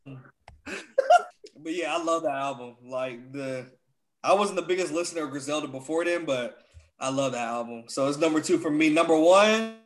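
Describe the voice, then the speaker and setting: A man's voice: a little high, sing-song, moderate pace. A young man chatting casually as a podcast co-host, laid-back and slangy. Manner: laid-back slangy talk, says "dog" a lot. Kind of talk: casual chat.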